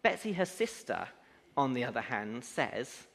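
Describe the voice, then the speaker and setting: A man's voice: mid-range voice, big pitch swings, unhurried, vocal fry, fairly bright tone. A man preaching a sermon who builds to emphatic, rising declarations. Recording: long hall reverb.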